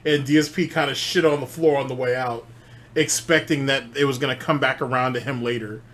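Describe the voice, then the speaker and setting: A man's voice: mid-range voice, steady tone, brisk, fairly bright tone, slight background noise. Musing male reaction host. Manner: musing, with restarts and filler. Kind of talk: reaction commentary.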